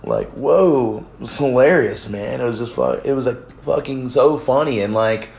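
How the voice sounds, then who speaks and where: In casual vlog storytelling, a US man meanders through his tale with plenty of false starts, profanity and laughs. His medium-pitched voice is darkish with vocal fry at a normal speed, and the recording sounds roomy.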